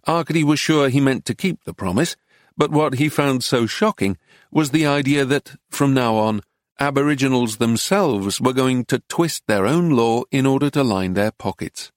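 A man reading a book aloud in measured, even storytelling narration into a close studio mic. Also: mid-range voice, no room sound. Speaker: audiobook narrator. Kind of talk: scripted narration.

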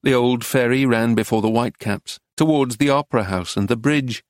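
An Englishman reading a travel memoir aloud in a measured, wry, literary manner. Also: medium pitch, dry recording, clean studio sound. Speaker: narrator.

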